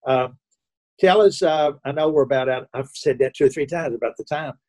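Apresentador masculino em conversa tranquila. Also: male voice, mid-range voice, a little fast, dark tone. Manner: hesitant, short affirmations. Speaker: host. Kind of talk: casual interview chat.

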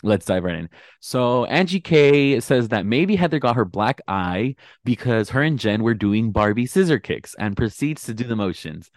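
A man's voice: medium pitch, sing-song, moderate pace, no echo, studio quality. A young man co-hosting a casual reality TV recap, gossipy and blunt with a sarcastic edge. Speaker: podcast co-host.

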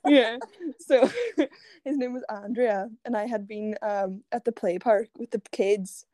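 A woman's voice: a little high, fairly even intonation, measured pace, background noise. Giggly Irish woman telling a story. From Ireland. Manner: giggly storyteller, laughs often. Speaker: podcast guest. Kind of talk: casual chat.

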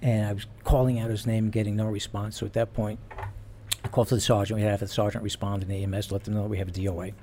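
A man and former police officer telling stories in casual chat, animated and laughing as he goes. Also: fairly low pitch, very fast, slight background noise. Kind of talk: casual storytelling.

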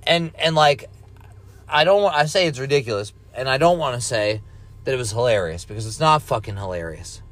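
A man rambling casually while high, laid-back and profane, coughing now and then and breaking into ranting bursts. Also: expressive, fairly quick, fairly bright tone. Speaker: cannabis vlogger. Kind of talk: casual stoned rambling monologue.

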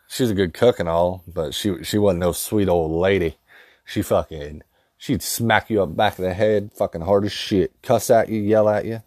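Low-voiced man telling profane stories. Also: a little mellow, no echo, clean studio sound. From rural dairy farm upbringing. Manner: profane, rambling, laughs at own stories. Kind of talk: casual comedic storytelling.

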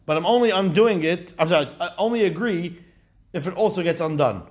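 A man teaching a lively study class, explaining step by step with rhetorical questions and acted-out quotes. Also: high voice, fairly quick. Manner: animated, asks rhetorical questions, acts out quotes. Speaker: Talmud teacher.

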